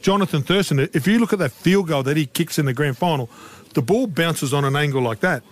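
A man, a rugby league pundit, telling stories in casual radio chat and lifting his voice when excited. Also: a little fast. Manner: animated storyteller, lifts pitch when excited.

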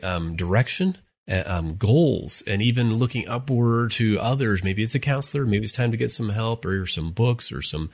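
A man's voice: on the low side, slightly rough. A middle-aged man co-hosting a marriage podcast, talking earnestly with plenty of fillers and restarts. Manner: earnest, warm storyteller with many fillers. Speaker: co-host, marriage therapist. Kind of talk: casual podcast conversation.

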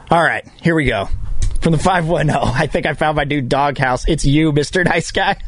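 Excitable male sports radio host. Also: fairly high pitch, no room sound. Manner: excitable and self-mocking, repeats himself. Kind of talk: solo sports talk radio.

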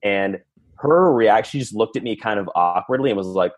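A man's voice: fairly low pitch, a little fast, dry recording. A man guest on a podcast, telling personal stories in an earnest, reflective way, talking in long run-on stretches. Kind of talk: candid storytelling conversation.

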